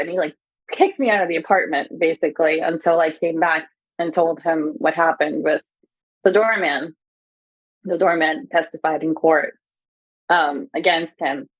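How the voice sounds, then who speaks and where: Woman on a tinny phone line, low voice. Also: no echo. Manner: candid, animated retelling with many fillers. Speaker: guest. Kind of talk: conversational interview.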